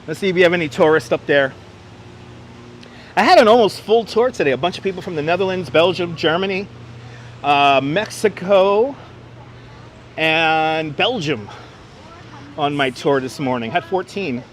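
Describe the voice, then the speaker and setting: A man with a slightly high voice and lively intonation gives a chatty live-streamed walking tour through city streets, greeting viewers by name. He talks at normal speed with frequent pauses and sounds a little congested from being sick. His wireless clip-on mic picks up faint street and traffic noise.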